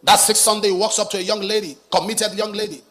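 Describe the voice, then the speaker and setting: A man preaching a sermon, telling a cautionary story with dramatic rises and drops in loudness. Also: sits high, little pitch movement, quick pace, a little hiss or hum. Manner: dramatic storyteller, rises to loud emphatic peaks. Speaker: pastor.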